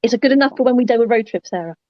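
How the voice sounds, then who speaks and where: A woman's voice: fairly high pitch, racing, no room sound. A woman co-hosting a casual live-stream chat, upbeat and giggly. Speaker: co-host. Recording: dry, dull lo-fi audio.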